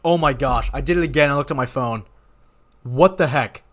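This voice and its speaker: A young man hosts a live stream and reacts as things happen, rambling and excitable. He keeps stopping to apologize and correct himself. His voice sits at an ordinary middle pitch. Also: moderate pace. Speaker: watch party host.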